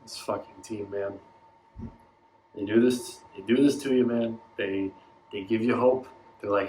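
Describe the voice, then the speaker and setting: A man's voice: on the low side, steady tone, a little slow, mellow, roomy sound, a little hiss or hum, rough recording. A man ranting about his baseball team in a casual vlog, profane and exasperated, acting out mocking voices as he goes. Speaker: baseball fan vlogger.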